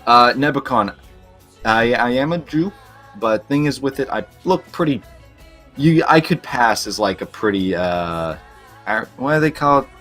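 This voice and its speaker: A man's voice: medium pitch, animated, unhurried, a bit bright, soft background music. A young Canadian man with a Boston-like East Coast tinge, chatting crudely and rambling with frequent laughs on a livestream. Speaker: livestream co-host. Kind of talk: casual chat.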